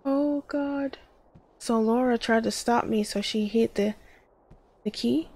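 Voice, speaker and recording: Slow gravelly woman gaming. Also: a little high, little pitch movement, darkish tone. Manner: jumpy, talks to herself, exclaims often. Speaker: gamer. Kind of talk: horror let's play commentary.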